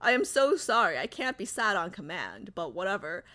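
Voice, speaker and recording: A woman's voice: mid-range voice, big pitch swings, moderate pace, bright, forceful tone. A woman streamer in casual livestream chat, chatty and giggly, reading viewer comments aloud.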